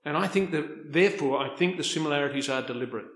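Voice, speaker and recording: Guy preaching a sermon, kinda high voice, punches words then goes quiet, roomy echo. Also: quick pace. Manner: emphatic, rising and dropping between loud stresses and soft asides.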